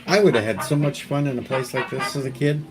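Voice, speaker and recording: A man's voice: medium pitch, quick pace. A man co-hosting a stream, chatting playfully while he riffs on a movie. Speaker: co-host. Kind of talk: casual movie riffing. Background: film audio and music.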